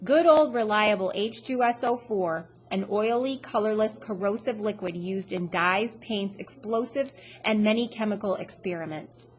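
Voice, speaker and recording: A woman voicing a small, bold, brainy boy who speaks loudly and theatrically. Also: mid-range voice, moderate pace, few pauses, a little hiss or hum, lightly acted. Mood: taunting. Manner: loud, emphatic, triumphant declaring.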